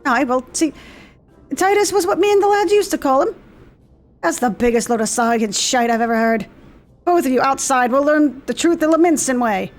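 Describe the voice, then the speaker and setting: Woman reading as a gruff sea captain boss. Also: high-pitched, expressive, moderate pace, faint music behind. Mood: scornful. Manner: rough pirate-style talk, half-hearted accent.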